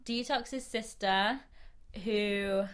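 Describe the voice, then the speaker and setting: A woman, co-hosting a casual podcast chat. She talks animatedly, laughs often and drops quick asides. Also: medium pitch, fairly bright tone. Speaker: podcast co-host. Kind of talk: casual chat about a TV show.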